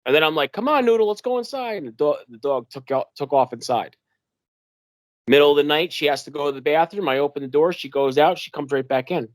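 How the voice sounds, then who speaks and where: A young man from New York telling a wilderness story in an animated way, acting out the voices of the people in it and using lots of fillers. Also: a little high, fairly quick, no echo. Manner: animated, acts out quoted dialogue in a raised voice, many fillers. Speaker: guest telling his encounter. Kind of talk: casual storytelling interview.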